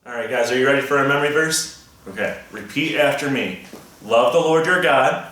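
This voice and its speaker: A man leading children through a memory verse call-and-response, quick and playful in how he prompts them. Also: mid-range voice, bright, forceful tone. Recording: echoey room from far off with hiss.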